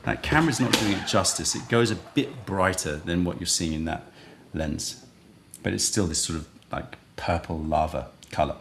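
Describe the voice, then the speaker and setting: A man with a low, gravelly voice hosts a casual live stream. He rambles, thinks out loud and chats loosely with his viewers. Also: moderate pace, hardly any pauses, slight background noise. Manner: rambling, chatty, thinks aloud. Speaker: livestream host selling tea.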